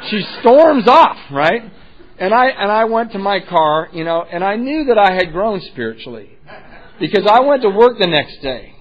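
A middle-aged man telling his recovery story at a meeting, animated and joking, acting out voices in the story. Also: sits high. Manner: animated storytelling, acts out voices, laughs at own jokes. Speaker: AA speaker sharing his story. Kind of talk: personal recovery talk at a meeting. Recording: dull lo-fi recording.

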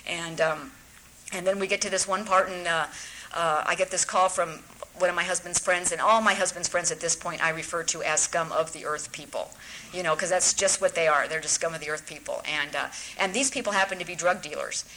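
A woman's voice: fairly low pitch, fairly even intonation, brisk, sharp tone, slight background noise, low-quality recording. A woman telling her own story at a recovery talk, wry and self-mocking, often restarting her sentences.

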